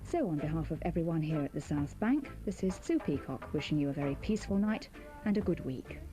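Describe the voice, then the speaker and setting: Calm woman announcing a station closedown. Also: low voice, brisk, music in the background. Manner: calm, friendly, gently joking. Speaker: television continuity announcer.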